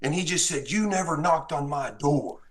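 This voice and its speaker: A man's voice: on the high side, moderate pace. A man from Texas, a guest on a podcast, telling a story with feeling and acting out what was said. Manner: animated, acts out dialogue in the story. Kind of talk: casual storytelling.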